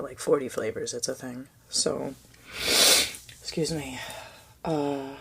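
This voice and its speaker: A woman with a very deep voice and a gravelly, husky edge tells a spiritual story as a podcast host. She speaks softly and hesitantly, circling back over her words, and often drops to a near-whisper. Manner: soft-spoken, often dropping to a breathy near-whisper; halting, full of fillers and restarts. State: tearful, emotional.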